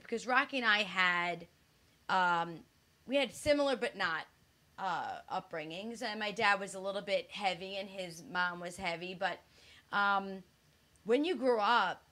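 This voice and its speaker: A woman's voice: medium pitch, a bit bright. A woman in her forties, co-hosting a casual chat, blunt and frank, swearing freely. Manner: frank, restless, many restarts. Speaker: podcast co-host.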